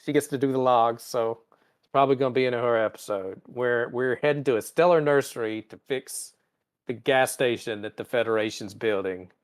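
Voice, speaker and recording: A man hosting a podcast, casually recapping an episode and briefly mimicking characters' lines. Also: medium pitch. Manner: recaps scenes in quick mimicked voices. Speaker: podcast host.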